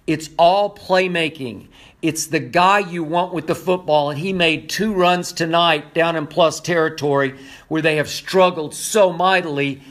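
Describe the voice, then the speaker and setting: Older male sports pundit, hoarse and fired-up, slightly high voice, hammering his points home with repetition. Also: fairly bright tone. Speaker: sports debate commentator. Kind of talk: impassioned sports commentary.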